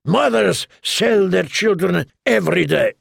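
A man voicing a sly, greedy male merchant prince who teases and bargains in a slow, drawling way. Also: sits high, expressive, creaky, slightly rough, dry recording, studio quality, voice pushed up, full character voice. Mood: sly wheedling.

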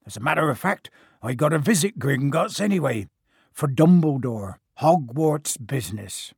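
A man voicing a huge, gruff but kindly giant, talking in a hearty, folksy way for an audiobook. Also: expressive, normal speed, darkish tone, no room sound, studio quality, heavily acted. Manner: hearty, booming, folksy dialect. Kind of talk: audiobook character voice.

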